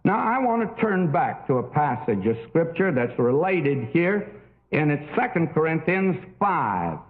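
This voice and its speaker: A man's voice: fairly high pitch, very animated, a little slow. An older man preaching a sermon in a folksy, storytelling way with many fillers. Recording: tinny phone-like old recording.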